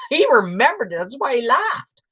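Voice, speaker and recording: A woman's voice: on the high side, very animated, moderate pace, sharp tone, husky. A woman telling rambling, frank family stories on a casual livestream, greeting viewers and reading their comments between tales. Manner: rambling and frank, peppered with swears and laughter. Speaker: homestead channel host on a livestream.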